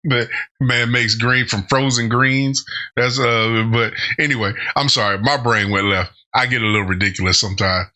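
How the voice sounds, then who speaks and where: Bright-voiced man laughing through reactions. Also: mid-range voice, fairly even intonation, moderate pace. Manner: laughs often, rambling tangents. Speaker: reaction channel host. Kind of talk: casual reaction commentary.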